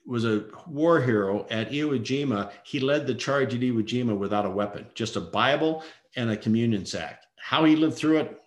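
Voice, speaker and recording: A man's voice: mid-range voice, moderate pace, roomy sound. A middle-aged man earnestly telling a personal story as a father, acting out the voices of people in it. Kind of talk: emotional personal testimony.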